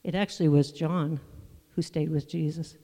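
A preacher giving a sermon, teaching from the Bible in a conversational, unhurried way with asides to the listeners. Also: mid-range voice, steady tone, mellow, big-room sound.

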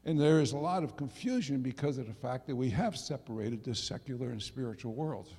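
A middle-aged male pastor preaching a sermon, dropping to soft asides and rising to loud emphasis. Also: medium pitch, fairly quick, husky. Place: church sanctuary. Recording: long reverb of a church hall.

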